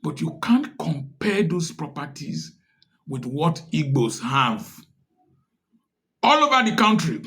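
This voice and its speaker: Impassioned Nigerian man, slow deliberate delivery. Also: fairly high pitch, very animated, a bit bright. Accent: Nigerian English. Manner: impassioned, preachy, rhetorical questions. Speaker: commentator. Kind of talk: direct-to-camera social commentary.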